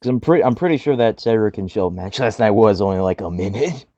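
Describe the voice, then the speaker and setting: A man's voice: lowish voice, animated, fast talker, warm tone, no echo, lo-fi sound. A man co-hosting a casual podcast chat, swearing freely and laughing through loose wrestling banter. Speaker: podcast co-host.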